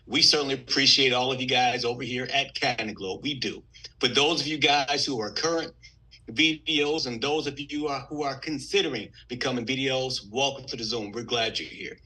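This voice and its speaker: A man from Texas, giving an energetic, emphatic sales pitch on a video call. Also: a little fast, rough recording. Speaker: business presenter on a video call.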